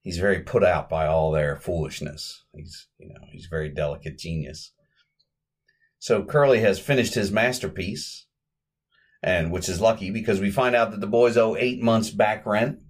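A man's voice: on the low side, moderate pace, slightly rough. A man hosting a podcast, chatting casually through an old comedy short in a rambling way and correcting himself as he goes. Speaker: podcast host. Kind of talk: casual podcast film recap.

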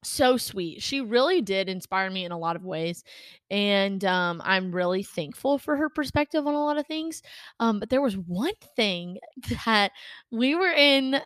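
A woman's voice: medium pitch, expressive, a little slow, a bit bright, no echo. Young woman chatting on her faith podcast, lots of ums and restarts, dead dry sound. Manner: chatty, rambling, with many fillers and restarts. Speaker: podcast host. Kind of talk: casual faith podcast talk.

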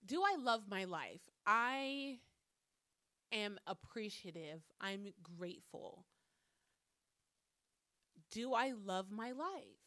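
A woman telling a personal story straight to her viewers in a casual, animated way, swearing freely and breaking into loud exclamations. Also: medium pitch, slow pace, pauses often, no room sound, clean studio sound. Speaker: vlogger.

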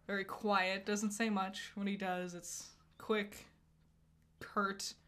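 A woman's voice: medium pitch, level tone, slow pace, a bit bright. A woman co-hosting a podcast, chatting casually with many fillers and frequent laughs. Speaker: podcast co-host. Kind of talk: casual chat.

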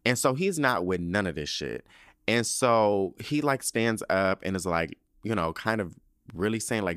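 A man's voice: fairly low pitch, expressive, a little slow, a bit bright, smooth, dry recording, clean studio sound. A man hosting a podcast, recapping a show in casual, sassy, profane chat full of slang while sipping a drink. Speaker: podcast host.

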